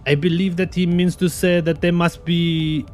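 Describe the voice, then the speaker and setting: A man voicing a stiff, formal game character in a deliberately bad mock French accent, speaking flatly and slowly. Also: on the high side, faint music behind, voice pushed up, natural voice. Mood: deadpan. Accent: French, put on. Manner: flat, formal, deliberately slow.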